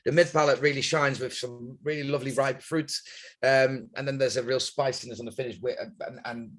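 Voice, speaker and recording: A man's voice: medium pitch, fairly even intonation, a little fast, fairly bright tone. A man co-hosting a live wine tasting, describing aromas in detail with playful quips. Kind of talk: casual live-stream chat.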